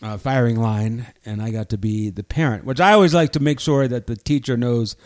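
A middle-aged man, a teacher and podcast co-host, telling stories in an animated, laughing way. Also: mid-range voice, fairly quick. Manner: animated storyteller, laughs often. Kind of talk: casual storytelling chat.

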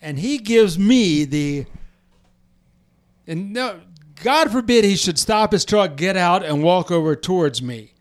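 A middle-aged man hosting a casual chat, telling a long story with lively restarts and acted-out quotes. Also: high-pitched, takes it slowly. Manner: animated, restarts sentences, acts out quotes. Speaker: podcast host telling a story.

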